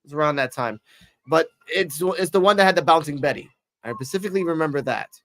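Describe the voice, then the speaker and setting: A man's voice: fairly high pitch, quick pace. A man hosting a casual interview, telling stories with lots of swearing and acted-out voices. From Puerto Rico. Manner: animated storyteller, swears freely, acts out voices. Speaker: host interviewing a streamer.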